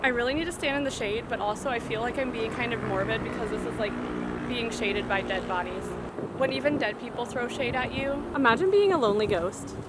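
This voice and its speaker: A woman's voice: on the high side, brisk. A woman hosting a travel vlog, chatting and joking in rambling banter while walking outdoors through city streets and a cemetery. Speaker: vlog host. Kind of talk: casual travel vlog chat. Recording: loud street noise.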